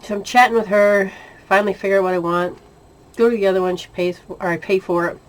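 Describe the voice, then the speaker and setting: A woman shares a personal spiritual experience in a loose, chatty storytelling way. She is animated, laughs often and acts out the voices in her conversations. Her voice sits at a medium pitch. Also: fast. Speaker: spiritual intuitive sharing experiences. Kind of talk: casual storytelling monologue.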